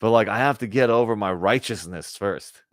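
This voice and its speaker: A man's voice: lowish voice, moderate pace, no echo, clean studio sound. A man giving a conversational spiritual talk to a group, often checking in with "right?" and acting out little bits of dialogue. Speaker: spiritual teacher.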